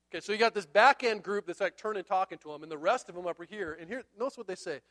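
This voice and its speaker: High-voiced man preaching a lively sermon. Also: fast talker, few pauses. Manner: animated storytelling, acts out the characters. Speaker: pastor.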